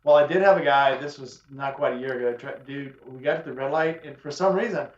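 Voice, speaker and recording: Animated man telling stories in an echoey room. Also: mid-range voice, fast talker. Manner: animated storyteller, acts out quoted people, swears freely. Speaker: host. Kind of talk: casual chat. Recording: echoey room, dull lo-fi sound.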